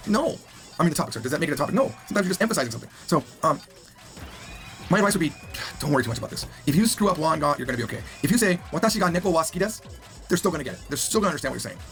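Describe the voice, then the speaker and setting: A man's voice: fairly high pitch, sing-song, very fast, a bit bright, faint music behind. A man teaching a recorded language lesson, upbeat and joking as he explains grammar rules.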